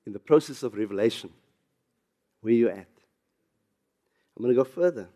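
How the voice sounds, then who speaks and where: A South African pastor preaching a sermon, getting louder and higher on emphasis, with chuckles and asides. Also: male voice, expressive, moderate pace.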